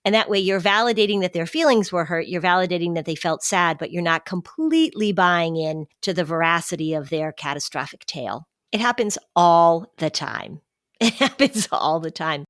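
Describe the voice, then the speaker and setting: A woman's voice: fairly low pitch, moderate pace, dry recording, studio quality. A woman hosting a parenting podcast, talking casually and acting out the voices of the people she quotes. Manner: animated, acts out quoted voices. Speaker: podcast host.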